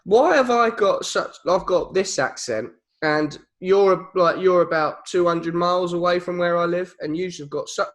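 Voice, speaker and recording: High-pitched Kentish man, rambling podcast musings, many restarts. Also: a little slow, few pauses, a bit bright. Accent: Kentish English. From Kent, England. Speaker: podcast co-host. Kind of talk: casual podcast chat.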